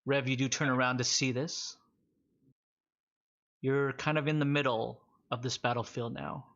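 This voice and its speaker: A man narrating a tabletop game as game master, in slow, drawn-out narration. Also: medium pitch, fairly even intonation, fairly bright tone. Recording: dull lo-fi audio.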